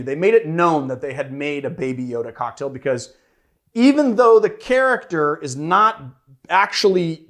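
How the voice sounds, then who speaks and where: A man hosting a cocktail show in casual chat, playfully teasing his co-host. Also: fairly high pitch.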